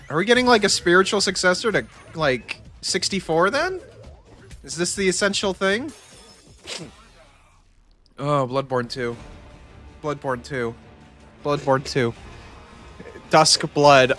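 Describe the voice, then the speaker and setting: Excitable man reacting to a stream. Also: high voice, a little slow, soft background music. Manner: overexcited, exclaiming and repeating himself. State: teary, says he is in tears. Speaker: streamer reacting to a game showcase.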